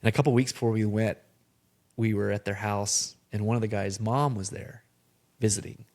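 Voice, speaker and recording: A man, a podcast guest chatting casually and telling lively stories. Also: on the low side, normal speed. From Texas. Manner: animated storyteller. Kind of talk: casual chat.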